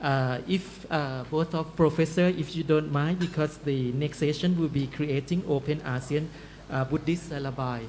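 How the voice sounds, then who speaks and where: A man with a slightly raised voice moderates a conference panel, with faint room noise behind him. He speaks in halting, hesitant English. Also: on the high side, darkish tone. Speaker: session moderator.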